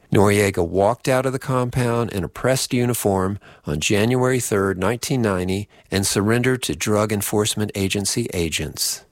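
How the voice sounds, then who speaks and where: A man narrates a documentary-style script in a low, steady voice. He slips in dry, wry asides. The recording is dry and close, with no room sound. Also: no room sound.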